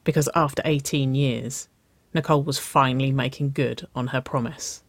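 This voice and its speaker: Story narrator, reading aloud, slow, measured, middle pitch, dry recording. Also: steady tone, no echo.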